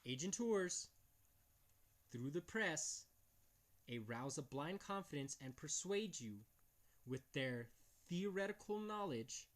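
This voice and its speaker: A man's voice: fairly high pitch, animated, slow, pauses often. Blunt, swearing man reading aloud. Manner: blunt, crude, mocking, swears often; reads passages aloud then comments. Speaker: video host reading from books. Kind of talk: casual, profane commentary reading quotes aloud.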